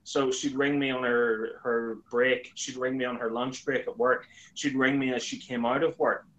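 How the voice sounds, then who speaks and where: A man in casual conversation, telling his stories with lots of energy. He slips into a higher voice to act out the lines of the people he quotes. His voice sits in an ordinary middle pitch. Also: moderate pace, low-quality recording. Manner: animated storyteller, acts out quoted lines in a higher voice. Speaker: YouTuber guest. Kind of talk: casual chat.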